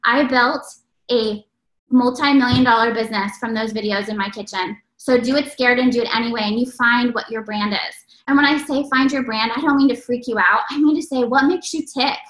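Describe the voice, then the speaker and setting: High, bright-voiced woman giving a pep talk. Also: a little fast, echoey room, low-quality recording. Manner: energetic, preachy, exclamatory. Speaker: network marketing speaker. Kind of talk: motivational stage talk.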